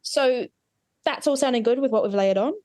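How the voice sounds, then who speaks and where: A woman's voice: on the high side, moderate pace, a little mellow, no echo, studio quality. A woman dialect coach giving an accent lesson, explaining mouth positions patiently and in technical detail.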